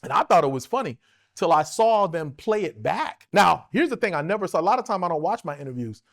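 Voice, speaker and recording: A man's voice: sits high, fairly quick, vocal fry. A man in his forties telling a rowdy, profane story as an interview guest, acting out what other people said. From United States. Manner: animated, profane, acts out other people's lines. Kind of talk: casual storytelling.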